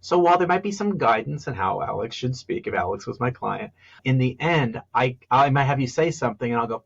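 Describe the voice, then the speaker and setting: Husky-voiced man coaching on public speaking. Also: brisk, muffled recording. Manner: animated, demonstrates stress and pitch on example phrases. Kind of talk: podcast interview.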